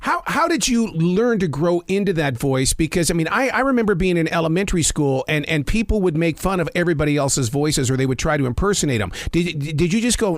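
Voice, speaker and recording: A man's voice: fairly high pitch, animated, no room sound. A man hosting an interview podcast, asking long questions with many restarts. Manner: halting, repeats words when asking. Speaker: podcast host.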